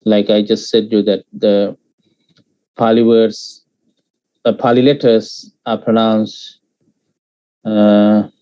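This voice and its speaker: A man teaching Pali in an online class, patiently explaining pronunciation and sounding out syllables with many pauses and fillers. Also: on the low side, level tone, warm tone, lo-fi sound.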